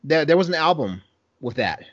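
A man's voice: fairly high pitch, sing-song, normal speed, no echo, highs cut off. A man chatting casually, hesitant and full of restarts, laughing easily. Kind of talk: casual podcast chat.

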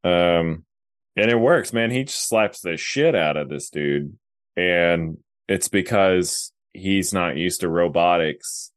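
A man's voice: low-pitched, takes it slowly, dry recording, studio quality. A man co-hosting a casual comics podcast, laid-back and sprinkling his talk with "man" and "like". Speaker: podcast co-host. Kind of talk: casual chat.

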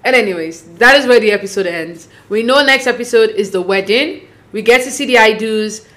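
A woman casually recapping a reality dating show, acting out the cast's lines with lively, opinionated commentary. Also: a little high, fairly quick. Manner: animated, acts out quotes, opinionated. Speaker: recap host.

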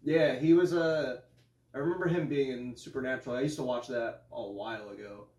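A young man co-hosting a casual chat show, excitable, swearing often and laughing a lot. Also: mid-range voice, a little fast. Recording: echoey room, mic far off.

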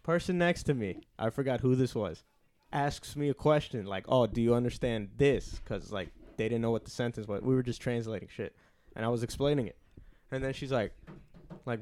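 A young man co-hosting a casual podcast, telling profane, animated stories and acting out the dialogue. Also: mid-range voice, a little fast. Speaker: podcast co-host. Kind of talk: casual storytelling chat.

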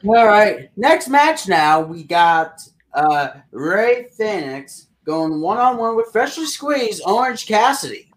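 A man co-hosting a casual wrestling podcast, recapping matches in a slow, rambling way with sudden loud outbursts. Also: high-pitched, big pitch swings, a little hiss or hum. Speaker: podcast co-host.

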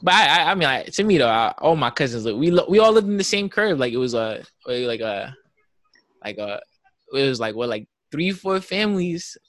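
A man's voice: medium pitch, very animated, fairly quick, fairly bright tone, no echo. A young man from Jamaica with a New York accent, talking in a rambling casual chat full of fillers.

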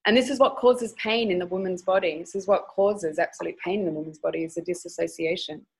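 A woman's voice: on the low side, fairly even intonation, quick pace, creaky, slightly rough, poor audio. A woman speaking as a sex educator guest in a candid podcast interview, frank and emphatic as she tells stories.

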